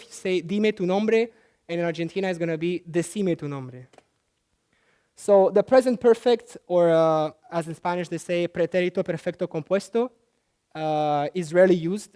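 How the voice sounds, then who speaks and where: A man presenting a talk to an audience, explaining at an easy pace with frequent pauses and self-corrections. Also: high-pitched, a little mellow, clear, resonant tone. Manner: halting, with frequent fillers and restarts. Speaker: conference presenter. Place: talk at a language festival.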